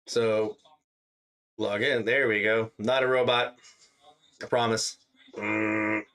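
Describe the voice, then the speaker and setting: A man's voice: lowish voice, slow. Chatty man hosting a radio hobby stream. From Louisiana. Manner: relaxed, chatty, many fillers. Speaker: radio DX live stream host. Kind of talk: casual live stream commentary.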